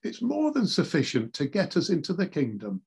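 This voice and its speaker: A man preaching a sermon in a measured, earnest way, reading scripture aloud. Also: a little high, huge pitch swings, gravelly, darkish tone, slightly rough.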